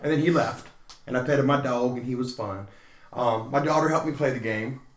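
A man's voice: mid-range voice, normal speed, roomy sound. A man casually telling stories among friends, acting out quotes in changing voices. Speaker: podcast co-host. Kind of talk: casual storytelling chat.

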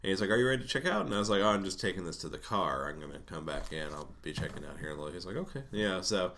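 A man's voice: sits low, very fast, a bit bright, a little hiss or hum. A man casually telling a rambling personal story, swearing often and laughing between lines.

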